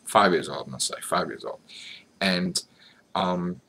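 A deep, bright-toned American man rambles to his viewers in a casual vlog, earnest and self-mocking by turns. His voice is low but forceful, with a faint hiss of background noise. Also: slow pace, gravelly. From United States. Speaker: vlogger.

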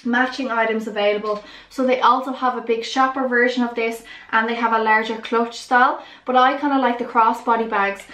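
A woman's voice: a little high, steady tone, fairly quick, few pauses, fairly bright tone. A young woman, chatting enthusiastically through a clothing haul on her vlog. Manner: chatty and enthusiastic, lots of "really, really". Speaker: vlogger. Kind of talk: casual haul vlog chat. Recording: echoey room.

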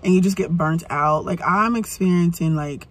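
A burnt-out woman venting in a frustrated, halting rant from inside her parked car, starting over again and again. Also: on the low side. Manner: frustrated, halting, many restarts. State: burnt out and weary. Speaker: vlogger. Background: faint rain and vehicle ambience.

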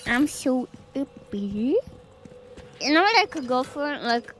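A woman streamer chatting casually to her viewers, giggly and excitable, rambling with lots of fillers. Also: high-pitched, slow pace, over music.

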